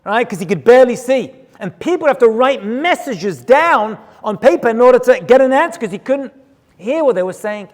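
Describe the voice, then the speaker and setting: A man, a rabbi, telling a story in an animated way during a sermon and mixing in Hebrew terms. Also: extremely high pitch, moderate pace. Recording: long hall reverb.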